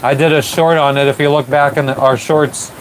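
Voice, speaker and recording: Guy on a boat reading chat, laid back, kinda high voice, lots of wave noise. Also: a little fast, low-quality recording. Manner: relaxed, rambling, eating while talking. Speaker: sailing vlogger answering live chat. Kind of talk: casual live stream chat. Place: sailboat at sea. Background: waves and boat noise.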